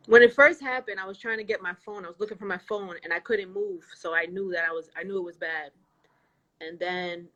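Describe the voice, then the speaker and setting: A woman's voice: on the low side, fairly bright tone, muffled recording. Earnest woman on a video call. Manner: earnest, recounting a painful ordeal. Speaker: guest. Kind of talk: casual livestream conversation.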